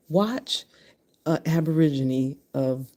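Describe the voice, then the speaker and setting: A woman's voice: low voice, extremely slow, a little mellow. A woman in her fifties from Connecticut, talking bluntly and profanely in a casual monologue to camera. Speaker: vlogger.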